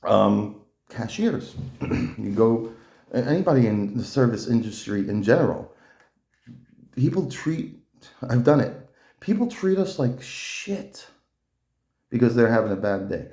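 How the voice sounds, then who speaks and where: Blunt, profane male vlogger with a mellow, dark voice, recorded in an echoey room. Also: on the low side, animated, normal speed, gravelly, long pauses. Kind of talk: casual opinion monologue.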